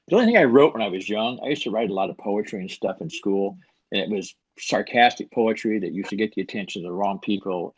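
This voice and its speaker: A man's voice: low voice, breathy edge, no room sound, poor audio. A man in his sixties, a writer guest talking casually in an interview, with dry, wry humor. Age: 60s. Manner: dry, wry, self-deprecating storyteller. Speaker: author guest.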